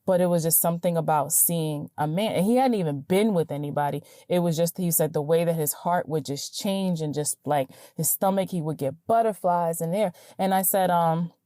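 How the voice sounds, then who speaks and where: A woman hosting a podcast, telling a personal story in a chatty, animated way with lots of fillers and quick "right?" checks. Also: fairly low pitch, no echo, studio quality. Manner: animated, chatty, many fillers and tag questions. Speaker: podcast host. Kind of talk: casual storytelling.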